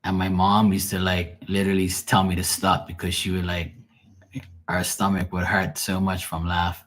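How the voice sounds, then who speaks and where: A man's voice: deep voice, level tone, moderate pace, a bit bright. A man with a Bermudian accent chatting casually on a livestream as a tarot reader, rambling and swearing freely. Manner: rambling, profane, laughs often. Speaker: live tarot reader and streamer.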